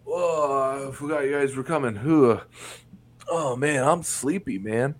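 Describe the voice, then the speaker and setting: A man's voice: medium pitch, measured pace, pitched above the performer's own voice, close to an everyday voice. A man voicing a sleepy, out-of-it father on methadone, mumbling and slurring his words. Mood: drowsy. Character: drowsy, out-of-it middle-aged father on methadone.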